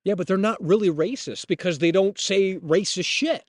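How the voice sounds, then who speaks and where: Man, streamer host, casual rant, profane and blunt, slightly high voice, dry close sound. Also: normal speed, no echo. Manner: restarts and repeats words often.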